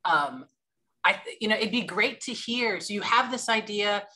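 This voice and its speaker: A woman asks an interview guest questions in a relaxed, conversational way. Her voice is bright and mid-pitched, and she sometimes pauses to find the right words.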